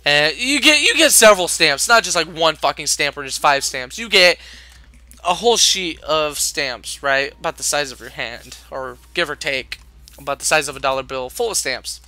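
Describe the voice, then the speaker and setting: A man's voice: fairly high pitch, lively intonation, moderate pace, sharp tone, no room sound. A young man working a retail service desk, telling customer stories in an exasperated, profanity-laced rant. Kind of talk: ranting storytime vlog.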